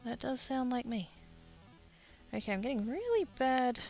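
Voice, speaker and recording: An Australian woman chatting casually on a livestream while she crafts, rambling and often trailing off into quiet asides. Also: sits high, sing-song, normal speed, muffled recording, faint music behind. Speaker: streamer.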